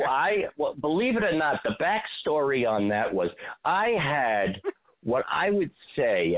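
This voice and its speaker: A man, an actor, telling animated show-business stories as a radio guest and acting out what people said. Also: medium pitch, narrow, tinny audio. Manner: animated storyteller, acts out quotes.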